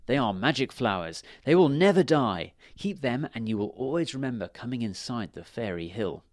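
A courteous young fairy prince in a storybook, gentle and gracious, as a male narrator puts him on. Close to the reader's own voice, lively in pitch. Dry recording. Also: moderate pace, dry recording, lightly acted.

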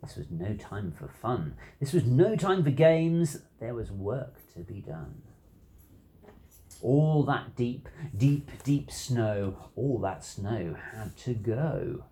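A reader narrating a children's rhyming picture book aloud, expressive and rhythmic. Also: medium pitch, takes it slowly. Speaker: storybook reader.

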